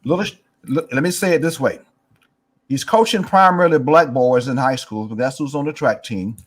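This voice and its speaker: A man's voice: medium pitch, fairly quick. A man in his sixties from East Texas, a guest telling a story in an interview and acting out the voices of people he quotes. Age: 60s.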